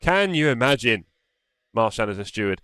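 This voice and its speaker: A man's voice: mid-range voice, big pitch swings, moderate pace, pushed and bright, clear, resonant tone, dry recording, clean studio sound. A man hosting a live sim racing stream, chatting casually, teasing and reading the chat aloud. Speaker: stream host.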